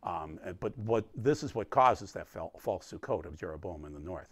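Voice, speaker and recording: Low-voiced, animated male Bible teacher. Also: moderate pace, breathy edge, no echo. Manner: animated, emphatic explaining. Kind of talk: recorded Bible study lecture.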